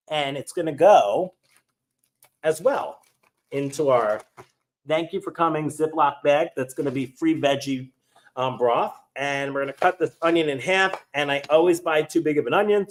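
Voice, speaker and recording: An upbeat man hosting a live cooking class, chatting and reading viewer comments as he cooks, eyes teary from cutting onions. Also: fairly high pitch. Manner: animated, upbeat. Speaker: cooking host.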